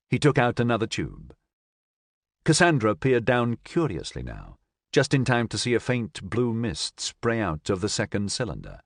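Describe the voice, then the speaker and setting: A man reading a science fiction audiobook in an expressive, dramatic narrating style. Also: on the low side, moderate pace, dry recording, studio quality. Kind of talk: scripted narration.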